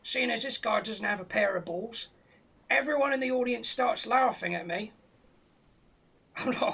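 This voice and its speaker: Gravelly, sweary British man spinning a yarn. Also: very high voice, moderate pace, long pauses, pushed and bright. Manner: profane, rambling tall tale told straight. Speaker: comedian telling a story. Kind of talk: comic storytelling on a live stream.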